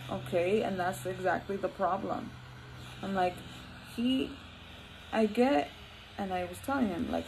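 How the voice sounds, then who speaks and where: A woman host telling a personal story in a casual, animated way, acting out what people said and slipping in Spanish phrases. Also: mid-range voice, a little hiss or hum, rough recording. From Latin America. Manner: animated, acts out quotes, mixes in Spanish phrases. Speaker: podcast host.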